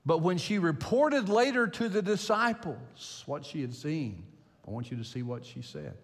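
Older male pastor, animated sermon delivery with a swinging pitch, recorded in a reverberant hall. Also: moderate pace. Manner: animated storyteller, repeats phrases for emphasis. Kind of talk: sermon with personal anecdote.

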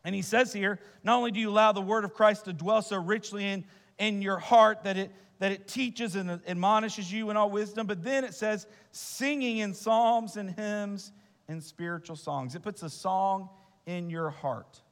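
High-voiced preacher in a reverberant church. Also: male voice, moderate pace, a bit bright. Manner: earnest, rhetorical questions, repeats words. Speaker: pastor. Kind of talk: sermon. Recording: long reverb of a church hall.

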